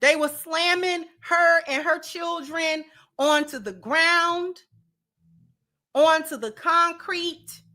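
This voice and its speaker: High, bright-voiced woman host. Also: slow. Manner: animated, emphatic, slangy, talks straight to viewers. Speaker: commentary channel host. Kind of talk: casual commentary.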